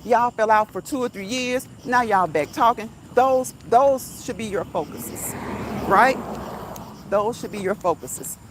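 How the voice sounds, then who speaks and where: A woman's voice: fairly high pitch, unhurried, a little hiss or hum. A woman vlogger giving motivational talk on a walk outdoors, emphatic and repetitive, chuckling now and then, into a phone mic. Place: outdoors, walking at night. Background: crickets and insects.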